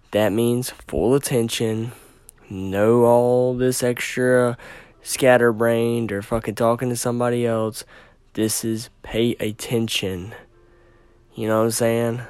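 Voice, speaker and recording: Alone on his podcast, a man rants angrily with heavy swearing, so worked up he stammers over his words. His voice is medium-pitched and darkish, recorded with no room sound.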